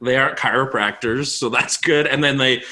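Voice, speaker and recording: A man's voice: mid-range voice, fairly even intonation, moderate pace, pushed and bright. A man guesting on a comedy podcast, chatting casually in rambling stories and laughing often.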